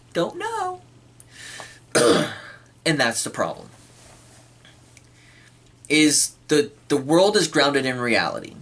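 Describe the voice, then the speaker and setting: Bright-voiced man reviewing a film. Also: medium pitch. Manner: frequent throat clearing, acts out quoted lines. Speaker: movie reviewer. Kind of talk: casual spoken review.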